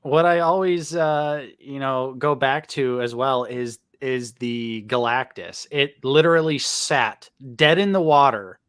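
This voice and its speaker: Man, smooth clear voice, relaxed chatty host, dry close sound. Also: medium pitch, measured pace, few pauses, no echo. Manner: relaxed, chatty, reads viewer comments. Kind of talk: casual livestream chat.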